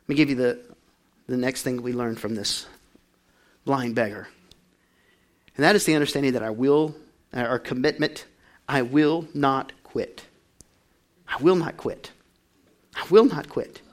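A man pastor preaching a sermon, calling on the congregation to answer back and swinging from quiet talk to loud shouting. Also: medium pitch, a little slow, long pauses.

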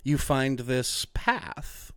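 A man's voice: medium pitch, very animated, drawn-out words, smooth, no echo, clean studio sound. A man hosting a podcast interview, joking and swearing casually and laughing often. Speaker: podcast host.

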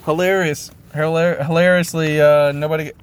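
A man's voice: on the high side, flat delivery, moderate pace, clear, resonant tone. Rambling motivational podcast man. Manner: rambling, self-deprecating, repeats catchphrases. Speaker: podcast host. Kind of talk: casual motivational monologue.

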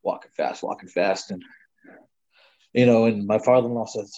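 A man's voice: fairly low pitch, moderate pace, warm tone. Man rambling through a hunting tale. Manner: rambling, many "you know" fillers. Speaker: guest storyteller. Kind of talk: casual spoken hunting story. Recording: slightly dull lo-fi sound.

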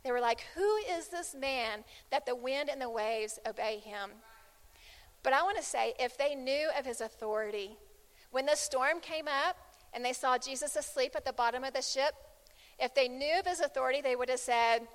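A woman's voice: high voice, normal speed. A woman preaching a sermon, emphatic and repeating phrases as she builds intensity. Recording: long hall reverb.

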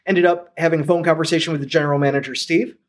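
A man from St. Louis telling his story as a podcast guest, animated and acting out the lines of people he quotes. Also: a little high, rapid-fire. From St. Louis, USA. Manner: animated, acts out quoted dialogue. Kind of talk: casual storytelling.

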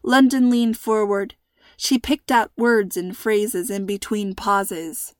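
A woman narrating a story in an expressive, tense reading. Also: mid-range voice, takes it slowly, dry recording, clean studio sound.

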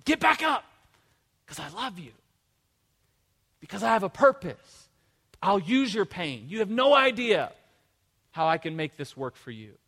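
A preacher voicing a tender, pleading Jesus. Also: male voice, high voice, very animated, a little slow, long pauses, a bit bright, big-room sound, exaggerated voice. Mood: tender urging. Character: gentle encouraging Jesus, loving male savior.

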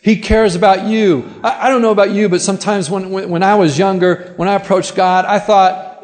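A pastor delivers an earnest sermon, his man's voice sitting a little higher than most. He often stumbles over and repeats words as he starts a new thought. A long church-hall reverb trails behind every phrase. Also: steady tone, a little fast, hardly any pauses.

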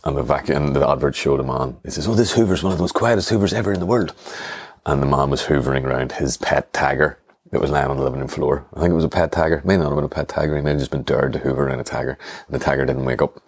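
Husky and bass-voiced, this podcast host talks very fast with a flat delivery, and there's no echo. His comic monologue rambles through self-mocking stories, with him performing the voices of the people he quotes.

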